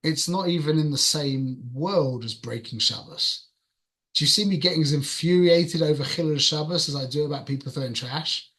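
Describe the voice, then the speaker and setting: Bright-voiced London man telling a story. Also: on the high side. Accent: London English. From London, England. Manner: animated, conversational, jumps between loud and hushed. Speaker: religious teacher. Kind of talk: storytelling talk to an audience.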